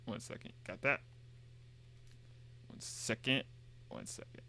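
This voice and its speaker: A man's voice: medium pitch, wildly swooping pitch, takes it slowly, creaky, sharp tone, slight background noise. A man streaming a game, chatting casually, reading dialogue aloud and joking in a rambling, repetitive way. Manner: rambling and jokey, reads game dialogue aloud and repeats himself.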